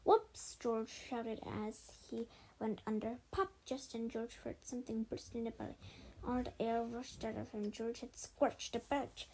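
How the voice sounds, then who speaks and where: A woman with a fairly high voice reads a children's storybook aloud. Her narration is expressive and lively, with the odd stumble and restart left in. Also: measured pace, slight background noise, poor audio. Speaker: storybook reader.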